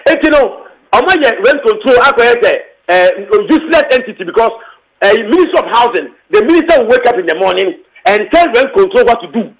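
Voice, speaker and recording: In a very high voice with big pitch swings, a man who is secretary general of a tenants union speaks fairly quickly in Ghanaian English. His interview statement is passionate and emphatic, full of repeated points and local phrases, and the audio quality is poor.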